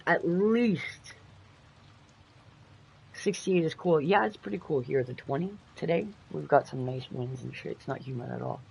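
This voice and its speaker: A Canadian woman streaming a game live, chatting casually, swearing freely and breaking into loud playful outbursts. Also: sits low, gravelly, a little hiss or hum, poor audio. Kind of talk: casual live-stream chat while gaming.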